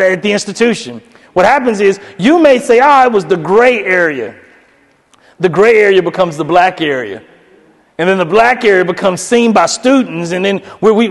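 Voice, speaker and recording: Guy from doing a lively keynote, does voices for the quotes, long echo like a big hall. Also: high-pitched. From South Louisiana. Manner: animated, acts out voices in quoted dialogue, casual Southern phrasing. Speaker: keynote speaker, professor. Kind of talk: energetic storytelling keynote. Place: lecture hall.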